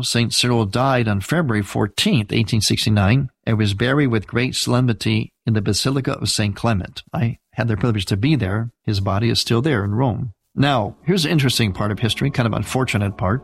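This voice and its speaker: An older man, a priest, giving an informal church history lecture with a husky voice and a conversational, explanatory manner, turning now and then to speak to his listeners. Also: medium pitch, dry recording. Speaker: Byzantine Catholic priest teaching church history.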